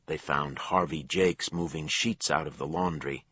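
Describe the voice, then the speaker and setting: A man narrating a crime thriller audiobook in a measured storytelling manner. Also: extremely low pitch, fairly even intonation, sharp tone, breathy edge, no room sound, highs cut off. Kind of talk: scripted narration.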